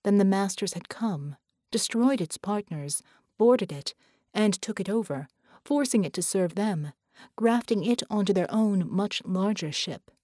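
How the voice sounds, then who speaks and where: A woman reading an audiobook in a measured, dramatic narration. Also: medium pitch, expressive, mellow, no room sound, clean studio sound. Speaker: audiobook reader.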